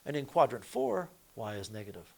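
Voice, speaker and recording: A man's voice: mid-range voice, sing-song, fairly quick, creaky. A male math teacher lecturing a classroom, explaining each step and correcting himself aloud as he goes.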